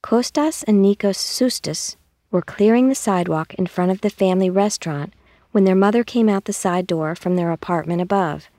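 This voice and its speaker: A woman reading a children's story aloud in a calm, measured way. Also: mid-range voice, dry recording. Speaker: narrator.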